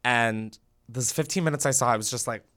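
A woman's voice: extremely low pitch, a little fast. A young woman co-hosting a podcast, telling stories with lots of laughter in casual chat. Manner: lively storytelling with frequent laughter. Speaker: podcast co-host. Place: shopping center.

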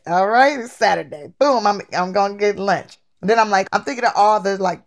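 A woman guest telling stories from her life in a casual, lively way, acting out the people she quotes. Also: medium pitch, moderate pace, few pauses. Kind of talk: casual storytelling.

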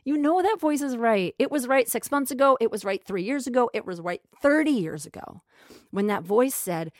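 A woman talking in an earnest, emotional way about her spiritual growth. She often repeats phrases and goes soft and slow. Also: a little high, animated, dry recording, clean studio sound. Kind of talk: reflective spiritual monologue.

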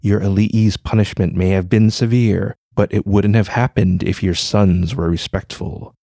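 A man's voice: fairly low pitch, steady tone, unhurried, gravelly, dark tone, no room sound, studio quality. A man voicing a playful old male sage who giggles and teases. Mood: knowing. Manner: playful, knowing.

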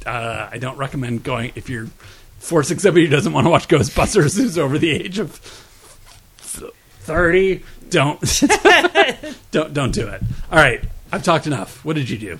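A man's voice: on the high side, moderate pace, slightly rough. A man co-hosting a podcast, chatting casually and bluntly about films and TV. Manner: animated and blunt. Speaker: podcast co-host. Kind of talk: casual chat reviewing TV and films.

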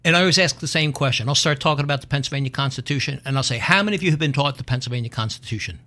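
A man's voice: mid-range voice, very fast, sharp tone. A man with a Philadelphia accent hosting an interview podcast, jokey and chatty. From North Philadelphia. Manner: jokey, chatty, laughs along. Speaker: podcast host. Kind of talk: casual interview chat.

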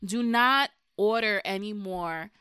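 A woman's voice: mid-range voice, slow, pushed and bright, clean tone, no room sound, studio quality. A woman, a podcast guest chatting casually, frank and profane, telling stories with animation. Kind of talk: casual chat.

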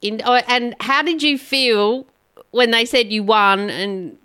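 Animated woman podcast host. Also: a little high, takes it slowly, clear, resonant tone. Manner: animated, swears casually, laughs often. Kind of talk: casual interview over video call. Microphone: video call.

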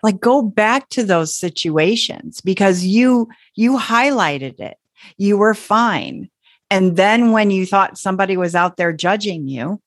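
A woman working as a parenting coach, explaining calmly and gently in a casual talk. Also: mid-range voice, no echo, studio quality.

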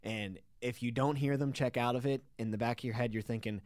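A man's voice: mid-range voice, fairly even intonation, fairly quick, a little mellow, no echo, studio quality. A man co-hosting a sports talk show, analytically breaking down plays in a casual conversational manner. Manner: analytical, talks through plays at length. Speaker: sports podcast co-host.

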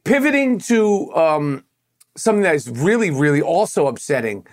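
A man's voice: a little high, very animated, moderate pace. A man hosting a podcast in casual banter, emphatic and profane, full of street slang. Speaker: podcast host.

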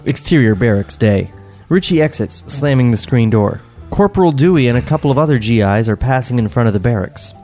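A man reads a script's stage directions aloud in a relaxed way for a podcast table read. He breaks into chuckles here and there. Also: mid-range voice, brisk, faint music behind. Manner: laid-back, chuckling. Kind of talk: table read narration and banter.

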